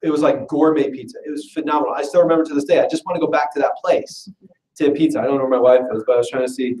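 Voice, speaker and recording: Speaking rapid-fire with a steady tone and a slightly raised, somewhat mellow voice, a man delivers a joking sales pitch at an info session. He's chatty, self-deprecating and quick to laugh, and the distant room mic gives him an echo plus a faint hiss or hum in the meeting room.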